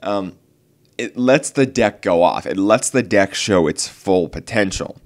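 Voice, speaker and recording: A man's voice: fairly low pitch, animated, unhurried. A young man hosting a card game channel, talking casually to camera in a rambling, earnest and slightly exasperated way, full of fillers and restarts.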